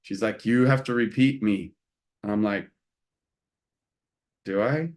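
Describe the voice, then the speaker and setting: A man's voice: fairly low pitch, unhurried, a little mellow. A man co-hosting a casual couples podcast, telling stories animatedly, acting out both sides of a conversation and laughing often. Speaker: co-host, couples coach.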